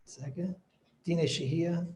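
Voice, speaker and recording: A rabbi teaches an informal class over a video call, chatting and sprinkling in Yiddish and Hebrew study-hall terms. His voice is a little high, slow, and warm.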